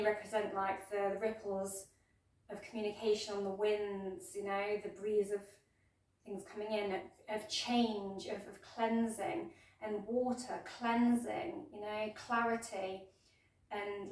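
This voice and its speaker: A woman teaching a casual yoga class, talking in a chatty, rambling way with lots of ums and restarts. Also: mid-range voice. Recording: echoey room, voice from far off.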